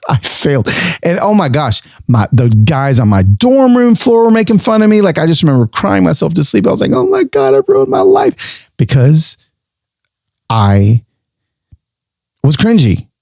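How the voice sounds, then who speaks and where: A man in his forties talks through a solo podcast with a very lively, up-and-down voice. He mocks himself in a story, then pushes his listeners with emphatic, repeated phrases. The sound is dry and close, with no room echo. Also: on the high side, moderate pace, creaky, pauses often. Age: 40s. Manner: animated, self-mocking storyteller turning into pep talk. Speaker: podcast host.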